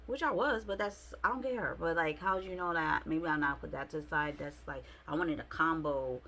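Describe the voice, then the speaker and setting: A young adult woman vlogging a casual storytime, expressive and slangy, with many fillers. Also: low voice, moderate pace, slight background noise.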